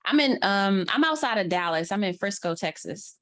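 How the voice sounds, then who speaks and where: A woman's voice: mid-range voice, lively intonation, normal speed, fairly bright tone. Upbeat woman with a New Orleans accent. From New Orleans, USA. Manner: chatty, upbeat, laughs easily, Southern slang. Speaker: guest mentor, social media coach. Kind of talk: casual online class teaching.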